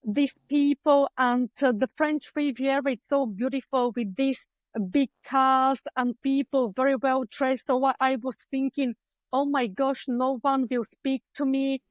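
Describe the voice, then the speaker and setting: High-voiced Bulgarian woman telling her story. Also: steady tone, unhurried, no room sound, rough recording. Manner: earnest, heartfelt, with frequent hesitations. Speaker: guest, clinical psychologist. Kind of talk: candid personal storytelling.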